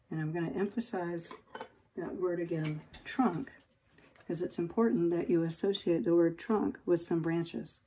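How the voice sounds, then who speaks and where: A woman's voice: on the low side, dark tone, a little hiss or hum. A woman anatomy instructor giving a recorded lab lecture, explaining step by step with fillers and self-corrections.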